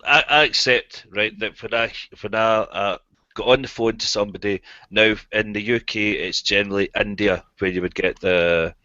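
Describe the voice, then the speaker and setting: A man, making a measured point in an online debate. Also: fairly low pitch, steady tone, pushed and bright, dry recording, dull audio. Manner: measured, reasoning.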